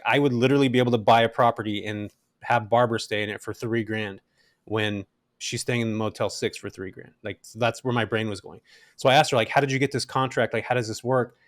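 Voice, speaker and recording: A middle-aged man telling his story as an interview guest, animated and casual, with frequent fillers. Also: mid-range voice, dry recording, studio quality. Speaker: guest, rental investor.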